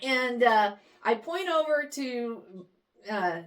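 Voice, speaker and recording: A woman from the St. Louis area co-hosts a casual beer podcast. She tells stories with animation and acts out the people she quotes, in a voice that sits on the higher side. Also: lively intonation, slow pace. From St. Louis area, Missouri. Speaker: podcast co-host. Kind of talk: casual chat, anecdote telling.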